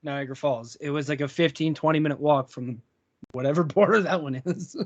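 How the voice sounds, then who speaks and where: A man's voice: a little high, a little fast, no room sound. A young man co-hosting a podcast, chatting casually, laughing through his stories and swearing often. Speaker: podcast co-host. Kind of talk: casual chat. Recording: dull lo-fi sound.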